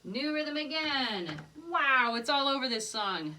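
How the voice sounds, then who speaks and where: Lively music teacher woman, high voice. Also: measured pace, hardly any pauses. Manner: sings short phrases then claps out rhythm syllables. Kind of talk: rhythm lesson with sung examples. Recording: distant mic with loud background noise.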